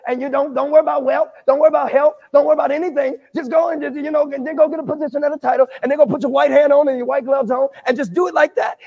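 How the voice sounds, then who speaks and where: A man preaching at a Bible study, animated, quizzing the congregation and rising to shouts. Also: very high-pitched, quick pace, long reverb tail, highs cut off. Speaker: pastor. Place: church sanctuary.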